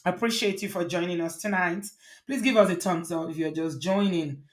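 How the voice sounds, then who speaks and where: A woman's voice: fairly low pitch, a little fast. A middle-aged woman hosting a casual live-stream chat, talkative and teasing, laughing often as she goes. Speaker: host.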